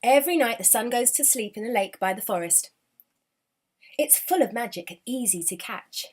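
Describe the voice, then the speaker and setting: A woman reading a calm, clever young boy. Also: on the high side, normal speed, slightly rough. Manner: calm, patient explaining. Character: brave, clever young boy with icy skin.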